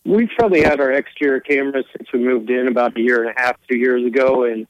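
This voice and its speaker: A man, a guest on a morning radio show, talking hesitantly with many pauses and fillers. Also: medium pitch, no echo, rough recording. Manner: hesitant, lots of ums. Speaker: guest caller. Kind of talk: phone-in interview.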